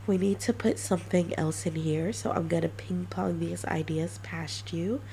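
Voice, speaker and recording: A woman streamer chatting casually and brainstorming ideas, halting with many restarts. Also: fairly low pitch, fairly even intonation, creaky, warm tone, slight background noise. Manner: halting, many restarts, self-mocking laughs.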